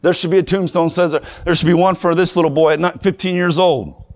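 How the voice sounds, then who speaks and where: Young guy preaching, high voice, gets loud and fired up. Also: fairly even intonation, fast talker. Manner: builds from conversational to shouted, fervent preaching. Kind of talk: sermon.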